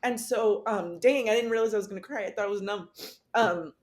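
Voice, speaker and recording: A woman's voice: medium pitch, brisk, a little hiss or hum. A woman who is a podcast guest, telling a personal story in a raw, profane, rambling way.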